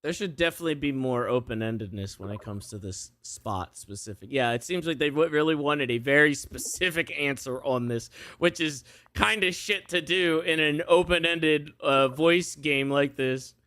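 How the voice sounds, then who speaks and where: A man's voice: on the high side, normal speed, hardly any pauses, pushed and bright. A man streaming a voice-controlled game live, exasperated, profane and laughing at it. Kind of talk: live gameplay commentary.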